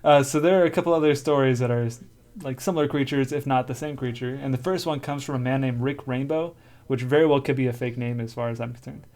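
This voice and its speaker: A man's voice: medium pitch, fairly even intonation, fast talker, darkish tone. Laid-back man co-hosting a podcast. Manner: laughs often, reads source notes aloud between jokes. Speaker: podcast co-host. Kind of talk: casual chat.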